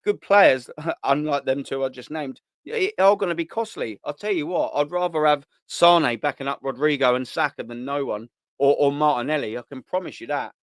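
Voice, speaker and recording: A man's voice: fairly high pitch, normal speed, no room sound. A man hosting a live fan stream, chatting bluntly in slang, swearing and repeating himself as he reads out viewer comments. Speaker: host of a live fan show. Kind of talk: casual live-stream chat reading comments.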